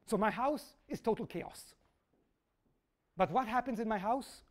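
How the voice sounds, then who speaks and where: A man's voice: sits high, a little slow. A middle-aged man giving an open university lecture, telling stories with quoted voices and checking in with the audience. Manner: animated storytelling with quoted voices; asks audience "yes?" and "okay?". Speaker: guest lecturer.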